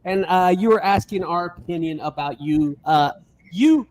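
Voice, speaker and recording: A man's voice: high-pitched, moderate pace, a little mellow. A man hosting a casual chat, joking and telling a story with animation. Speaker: host. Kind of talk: casual video call chat.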